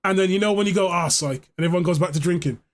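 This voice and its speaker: A man's voice: high voice, rapid-fire. A man streaming live, chatting casually in a rambling, joking way, swearing freely. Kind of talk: casual chat.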